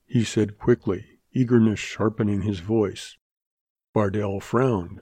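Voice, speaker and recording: A man narrating a Western novel as an audiobook, in a steady, measured storytelling manner. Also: lowish voice, husky, no echo.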